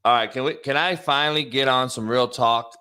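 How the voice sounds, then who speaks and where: A man's voice: mid-range voice, a little fast, pushed and bright, clear, resonant tone. A man hosting a casual sports podcast, telling profane joking stories. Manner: profane storytelling, mimics other voices. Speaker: show host.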